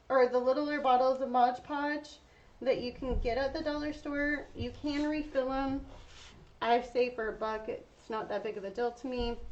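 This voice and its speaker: A woman hosting a casual painting tutorial, chatting to her viewers while she works. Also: high voice. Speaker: craft tutorial host. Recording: dull lo-fi sound with faint noise.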